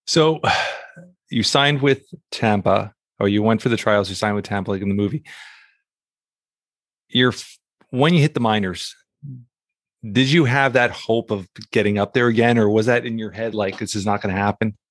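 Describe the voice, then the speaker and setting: Low-voiced male interviewer. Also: moderate pace, long pauses, dry recording, studio quality. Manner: laughs often, asks follow-up questions. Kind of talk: casual interview.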